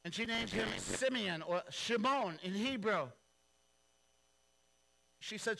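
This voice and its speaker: A male pastor preaches with a bright, forceful voice pitched slightly high. He tells the story playfully, with slang and quick asides. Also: low-quality recording. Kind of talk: sermon with acted-out storytelling.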